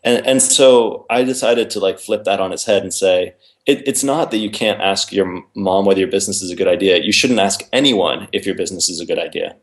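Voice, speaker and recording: Lively low-voiced man acting out dialogues. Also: a little fast. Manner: animated, acts out both sides of conversations. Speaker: author and guest. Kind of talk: casual interview.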